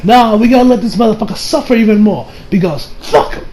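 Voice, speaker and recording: Man, high voice, casual anime review, profane, animated rant. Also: fast talker, slight background noise, poor audio. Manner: profane, animated, mimics characters in quotes.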